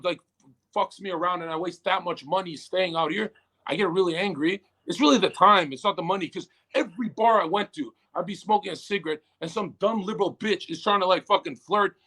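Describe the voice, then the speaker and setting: High-voiced man ranting profanely. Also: fairly bright tone, low-quality recording. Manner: profane, ranting, swings between mutter and outburst. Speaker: interview guest. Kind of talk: casual interview.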